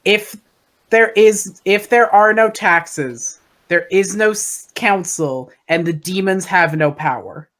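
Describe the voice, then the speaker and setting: A woman's voice: mid-range voice, slow pace, fairly bright tone. A woman playing in a live-streamed tabletop game, insistent and playful as she argues her point. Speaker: player.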